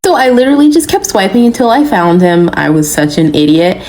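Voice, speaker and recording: A woman's voice: mid-range voice, brisk, a little mellow, low-quality recording. A young woman with a Southern accent telling a story in a candid, self-mocking, wry way. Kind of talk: casual storytime to viewers.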